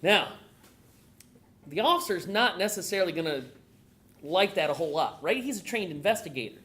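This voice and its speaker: Presenting live at a gun owners' meeting, a woman with a lowish voice speaks at a moderate pace. She's animated, acting out conversations and asking the audience questions.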